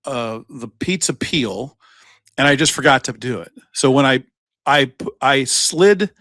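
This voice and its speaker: A man's voice: medium pitch, lively intonation, unhurried, a bit bright, dry recording. A man co-hosting a podcast in a studio, telling a rambling story in casual chat, with plenty of swearing. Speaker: podcast co-host.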